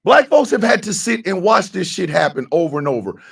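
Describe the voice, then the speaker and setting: A man from the United States hosting a radio morning show, giving fiery, profane commentary that bursts into shouting. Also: sits high, sing-song, fairly quick, creaky, breathy edge.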